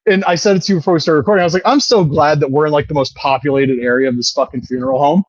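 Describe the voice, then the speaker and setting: A man's voice: on the high side, racing, dry recording, muffled recording. A man in his thirties co-hosting a podcast, chatting casually, rambling and swearing, often laughing. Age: 30s. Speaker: podcast co-host. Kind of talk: casual chat.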